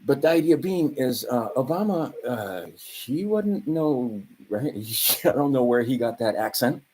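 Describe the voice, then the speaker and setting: A man's voice: mid-range voice, animated, unhurried, darkish tone, a little hiss or hum, poor audio. A man of around 60 from Hawaii, rambling through a profane vlog monologue full of fillers and asides. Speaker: vlogger.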